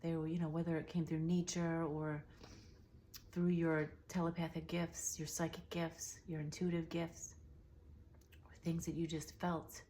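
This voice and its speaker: A young woman giving an emotional, soothing intuitive reading straight to the listener, often dropping into soft whispers. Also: sits low, little pitch movement, a little slow, a little hiss or hum. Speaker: tarot reader.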